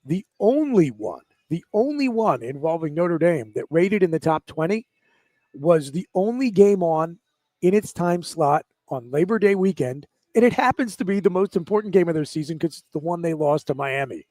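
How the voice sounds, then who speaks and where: High-voiced ranting sports radio man. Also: moderate pace, no room sound. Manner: animated, sarcastic, ranting. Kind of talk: sports talk radio rant.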